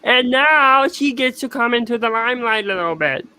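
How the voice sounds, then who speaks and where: Matter-of-fact co-host, bright voice, casual review. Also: medium pitch, lively intonation, normal speed, clean tone, dry recording.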